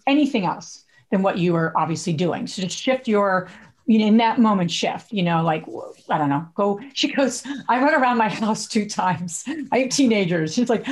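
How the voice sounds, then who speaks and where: A woman co-hosting a podcast in casual chat, chatty and full of fillers, laughing as she talks. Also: mid-range voice. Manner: chatty, many likes, laughs while talking. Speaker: podcast co-host.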